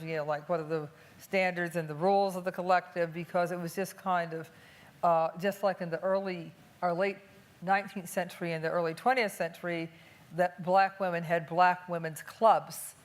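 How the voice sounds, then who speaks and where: An older woman from Cleveland speaking on a panel before an audience, thoughtful and unhurried, with many filler pauses. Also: on the low side. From Cleveland, USA. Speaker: panelist and activist. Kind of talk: public panel talk. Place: museum talk before an audience.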